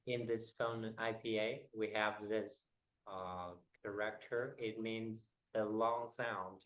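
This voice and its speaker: A man teaching a one-on-one English pronunciation lesson, explaining haltingly with many fillers. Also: fairly low pitch, fairly even intonation, poor audio.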